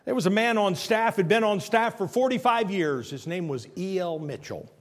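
A man's voice: high-pitched, animated, normal speed, big-room sound. A man pastor preaching a sermon, telling stories and emphatically repeating his key points.

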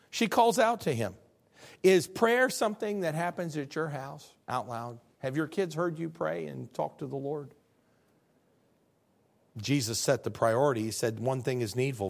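A man's voice: medium pitch, gravelly. A middle-aged male pastor preaching a sermon in a conversational way, asking the congregation questions and acting out quotes.

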